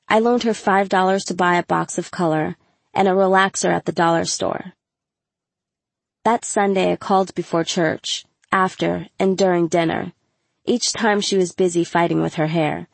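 Gravelly woman narrating an audiobook. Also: on the low side, no room sound. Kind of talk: first-person audiobook narration.

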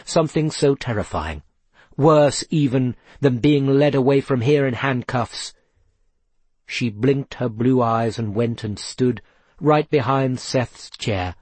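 A man reading a story aloud in a measured, expressive way. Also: mid-range voice, breathy edge, no echo. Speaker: narrator. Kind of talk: storybook narration.

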